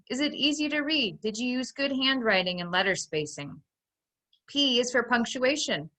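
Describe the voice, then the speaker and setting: A woman with a bright, clear voice leads a recorded phonics lesson for young children. She guides patiently, one step at a time, and reads each sentence out slowly and distinctly so the class can follow. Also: medium pitch. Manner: slow, clearly sounding out dictated sentences. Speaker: teacher.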